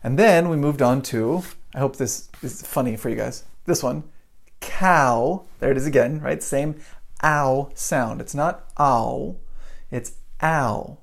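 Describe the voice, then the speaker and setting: A man's voice: medium pitch, unhurried, vocal fry. Chatty American male English teacher running a live pronunciation lesson, loose and repetitive. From United States. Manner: chatty, repeats himself, greets viewers mid-lesson.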